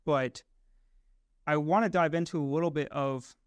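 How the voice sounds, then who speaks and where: A man's voice: fairly high pitch, normal speed, no echo, studio quality. Young man musing on a podcast. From Massachusetts, USA. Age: young adult. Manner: reflective, uses fillers like "right?" and "you know". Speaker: podcast co-host. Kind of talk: casual podcast discussion.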